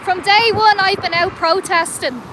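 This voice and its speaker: Irish woman, very high voice, urgent rhetorical livestream talk, outdoors, clear traffic noise behind. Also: moderate pace. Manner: urgent, rhetorical, repeats questions. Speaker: street protester livestreaming. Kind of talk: impassioned livestream address to viewers. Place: outdoors on a city street.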